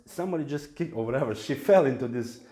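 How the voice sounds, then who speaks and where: Mann, lebhafter Vortrag im hallenden Tempelraum. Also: male voice, mid-range voice, lively intonation, quick pace, dark tone. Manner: playful storytelling, acting out little voices. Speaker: spiritual teacher. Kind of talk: lecture on scripture. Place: temple hall. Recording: echoey room.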